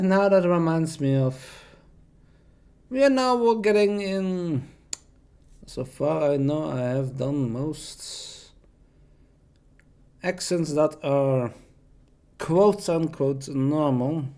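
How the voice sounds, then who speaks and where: A man's voice: a little high, lively intonation, slow pace, pauses often, dark tone. A young man chatting casually on a stream, rambling in a self-deprecating way with slightly non-native phrasing. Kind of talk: casual chat showing off voices.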